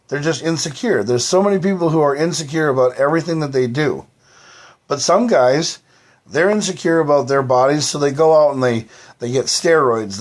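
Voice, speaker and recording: A man holding forth on his own live stream in a slightly high voice. He wanders from point to point, swears freely and fills the gaps with "you know" and "like". The talk is loose, unscripted and off the cuff. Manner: profane, rambling, heavy fillers. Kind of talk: rambling live-stream monologue.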